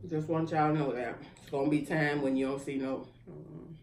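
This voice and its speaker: A woman's voice: sits low, level tone, unhurried, vocal fry, far from the mic. A woman hosting an eating show, chatting casually between bites and laughing often. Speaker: mukbang host. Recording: echoey room, voice from afar, faint room noise.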